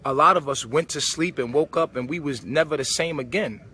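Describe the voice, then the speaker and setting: A man's voice: on the high side, a little fast, pushed and bright. A man giving a casual spiritual monologue, preachy and full of street slang. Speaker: spiritual vlogger. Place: old supermarket converted to a club.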